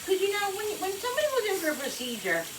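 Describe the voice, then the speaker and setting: A woman's voice: very high-pitched, wildly swooping pitch, very fast, far from the mic, noisy background. Middle-aged woman vlogger, chatty and emotional, keeps restarting. Taped from across an echoey kitchen with dishes clattering. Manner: rambling, emotional, many restarts and "you know"s. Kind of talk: casual storytelling.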